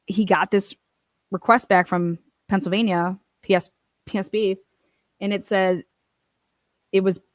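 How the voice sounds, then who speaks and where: A woman's voice: mid-range voice, no echo. Indignant woman in casual commentary. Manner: emphatic, indignant, with frequent fillers and asides. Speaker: true-crime advocate host.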